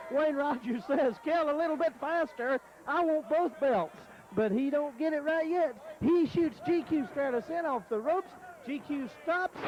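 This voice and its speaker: A man calling a wrestling match play by play in a folksy, excited way. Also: very high voice, dull audio, background noise. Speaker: wrestling commentator. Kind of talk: play-by-play commentary.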